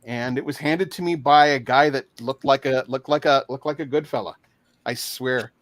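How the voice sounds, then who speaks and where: A man chatting casually as a guest, talking haltingly with many fillers and restarts over a video call. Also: mid-range voice, fairly even intonation, fairly bright tone, no echo. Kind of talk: casual chat.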